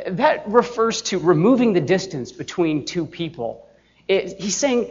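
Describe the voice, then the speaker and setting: A man preaching a sermon as pastor, earnest and emphatic, slowing down deliberately on key phrases. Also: sits high, big pitch swings, lo-fi sound.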